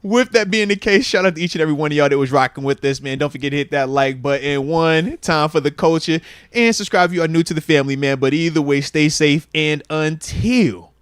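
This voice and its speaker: A man hosting a casual sports talk show, playful and animated, often laughing and repeating himself. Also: a little high, quick pace, smooth, no room sound, clean studio sound. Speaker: podcast host.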